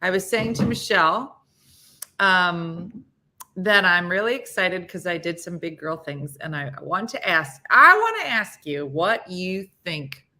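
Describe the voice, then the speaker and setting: A middle-aged woman hosts a casual morning chat show and reads viewer comments aloud. She talks slowly, laughs often and playfully mimics pets' voices. Her voice is bright and forceful, and it sits a little low for a woman. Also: animated, a little hiss or hum.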